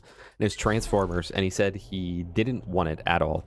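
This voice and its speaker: A man's voice: low-pitched, steady tone, brisk, faint music behind. A young adult man streaming gameplay, rambling and joking with his chat. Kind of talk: casual live gameplay commentary.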